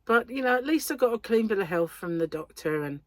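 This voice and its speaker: A woman's voice: fairly high pitch, animated, fairly quick, no room sound. An English woman chatting casually on her crochet vlog, rambling along with lots of ums, her throat still a little sore. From England. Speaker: crochet vlogger. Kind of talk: casual chat.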